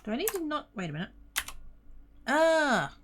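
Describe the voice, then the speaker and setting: A woman streaming a game, chatting casually and muttering to herself as she plays, easily excited. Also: sits high, very fast, slight background noise. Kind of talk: casual gaming livestream chat.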